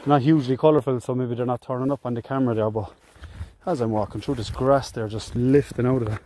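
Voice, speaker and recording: A man's voice: mid-range voice, steady tone, quick pace, mellow. A young man with a Cork Irish accent, chatting casually to a phone camera as he walks alone across an open hillside, rambling and joking with himself. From Cork, Ireland. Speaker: solo hiker vlogger. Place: outdoors on open hillside and meadow.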